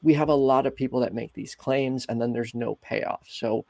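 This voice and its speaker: A man hosting a call-in show, chatting in a relaxed, friendly way with many fillers. His voice sits at a middle pitch with a gravelly edge. The mic is close and dry. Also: moderate pace, no echo. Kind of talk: casual call-in talk.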